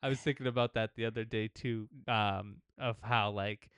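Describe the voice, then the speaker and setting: Laid-back podcast co-host guy, smooth voice. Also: lowish voice, fairly even intonation, moderate pace, a bit bright, no echo, clean studio sound. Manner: laid-back, fillers and frequent "yeah" agreement. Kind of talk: casual sports chat.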